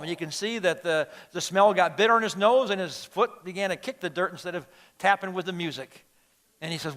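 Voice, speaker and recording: High-voiced animated male pastor preaching. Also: fairly quick. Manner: animated storytelling, acting out quoted voices. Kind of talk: sermon.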